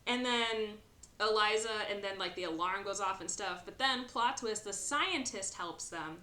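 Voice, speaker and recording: A woman's voice: medium pitch, normal speed, pushed and bright. Casual chatty woman in an echoey room. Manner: rambling retelling with many fillers and acted quotes. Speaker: podcast host. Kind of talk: casual movie recap chat.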